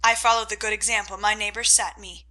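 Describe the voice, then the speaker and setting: A woman's voice: medium pitch, flat delivery, fairly quick, bright, forceful tone, lightly acted. A woman voicing a cheerful, helpful teenage boy neighbor in a storybook reading. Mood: breezy.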